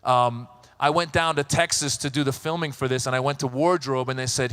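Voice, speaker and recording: Bright-voiced stand-up comedian, animated. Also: male voice, mid-range voice, brisk, clean tone. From Iran. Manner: animated storytelling, acts out voices.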